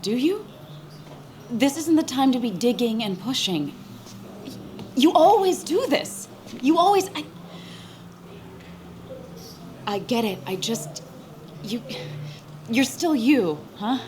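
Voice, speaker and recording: A woman's voice: fairly high pitch, expressive, slow, pauses often, darkish tone, slight background noise. A woman voicing a grieving young woman in a video game, weary and emotional. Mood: upset. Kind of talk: game voice acting.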